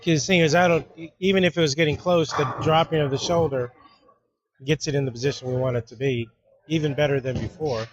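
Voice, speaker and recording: A man's voice: on the high side, quick pace, no room sound, rough recording. Easygoing man coaching a bowler. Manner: relaxed, rambling, playfully teasing. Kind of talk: casual practice chat.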